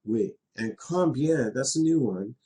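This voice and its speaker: A man's voice: mid-range voice, animated, unhurried, dark tone. A middle-aged man from western Canada teaching a class, patient and chatty, laughing now and then as he explains. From Canada, West Coast. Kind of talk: classroom lesson in a virtual world.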